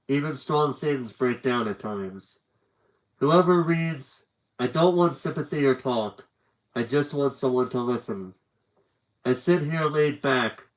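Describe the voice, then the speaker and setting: A frightened teenage boy pours out a farewell letter, read by a man in his own voice. The reading is slow, halting and tender, at a middling pitch for a man. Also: natural voice, low-quality recording.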